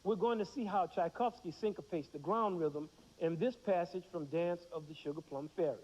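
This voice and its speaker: A man explains rhythm to young students with playful energy, counting beats aloud and acting out examples. His voice sits a little high. The sound is dull and lo-fi, like an old 1990s TV broadcast. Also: normal speed, darkish tone, big-room sound. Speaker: music teacher. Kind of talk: teaching children about rhythm.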